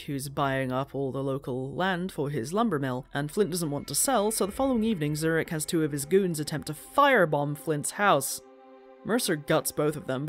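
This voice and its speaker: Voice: medium pitch, sharp tone. A video essayist giving scripted commentary with sardonic, profane, mocking asides.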